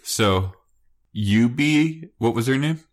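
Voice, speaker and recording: A man's voice: mid-range voice, slow. A man in his thirties co-hosting a podcast, teasing his co-host and telling stories in casual chat. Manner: teasing, giggly, animated questioning.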